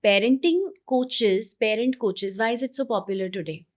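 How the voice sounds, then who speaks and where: A woman, a parenting coach speaking earnestly in an interview, pausing and restarting her thoughts. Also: a little high. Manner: earnest, with many pauses and restarts. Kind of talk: conversational interview advice.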